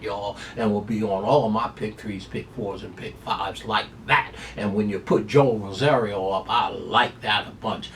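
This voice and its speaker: A man giving an excitable horse racing preview, stretching words for emphasis and calling out "y'all". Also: on the low side, distant mic, slight background noise. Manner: excitable, drawn-out emphatic lines, folksy "y'all". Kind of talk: race preview and picks.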